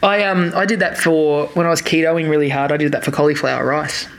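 A person telling a rambling story as a podcast co-host, animated, swearing freely and laughing often. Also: mid-range voice, fairly quick. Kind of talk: casual chat, anecdote telling.

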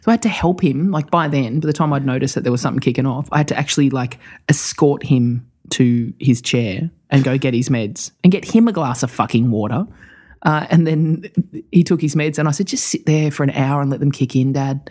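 A young adult telling a story in casual chat, animated and full of swearing. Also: medium pitch, a little fast, husky. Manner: animated, profane storytelling with laughter.

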